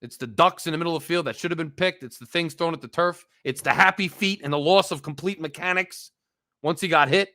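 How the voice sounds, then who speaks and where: Male fan-show host, bright forceful tone, emphatic and wry ranter. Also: a little high, a little fast. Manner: emphatic, wry, repetitive ranting. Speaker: sports podcast host. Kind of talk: casual fan rant.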